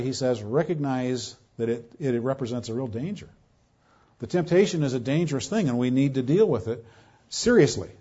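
A man's voice: medium pitch, darkish tone, breathy edge. A man preaching an expository sermon, emphatic and repeating his key phrases, on a dull lo-fi recording. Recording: dull lo-fi sound.

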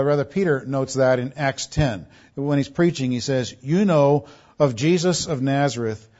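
Emphatic preacher, lo-fi recording. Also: male voice, mid-range voice. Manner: preaching with emphatic swells and soft drops; repeats words when restarting. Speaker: pastor. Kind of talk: sermon. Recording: dull lo-fi sound.

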